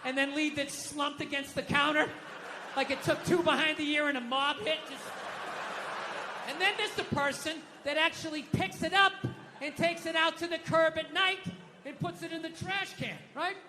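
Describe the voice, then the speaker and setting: A middle-aged American man doing stand-up comedy, ranting loudly and profanely with mock outbursts. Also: extremely high pitch, steady tone, moderate pace, noisy background. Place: comedy stage. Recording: live venue with long reverb.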